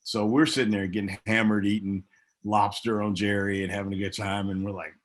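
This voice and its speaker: A middle-aged former wrestler, a man, telling stories in a casual interview, acting out other people's lines with big jumps in his voice. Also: brisk. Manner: animated storyteller, acts out quotes with big pitch jumps. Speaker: guest, former pro wrestler.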